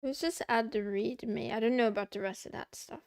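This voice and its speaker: A woman's voice: a little high, brisk, a little mellow, smooth, dry recording, studio quality. A young woman streamer chatting casually to her chat, playful and a bit whiny, meowing and muttering to herself. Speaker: VTuber livestreamer.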